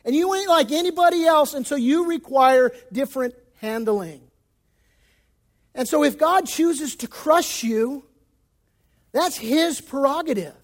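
A male pastor giving a sermon in an emphatic, folksy style with casual slang, moving between loud stresses and hushed passages. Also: very high-pitched, lively intonation, unhurried.

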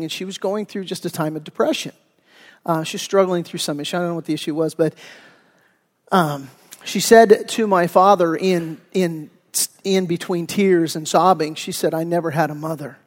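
High-voiced pastor preaching in a reverberant hall. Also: male voice. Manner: conversational storytelling with frequent restarts and fillers. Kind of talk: sermon. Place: church sanctuary.

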